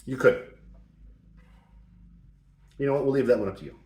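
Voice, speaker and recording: A man's voice: mid-range voice, lively intonation, moderate pace, dark tone. Playful mock-serious man in an echoey room. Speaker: host. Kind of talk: joking advice talk. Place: home shop or garage. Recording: roomy echo.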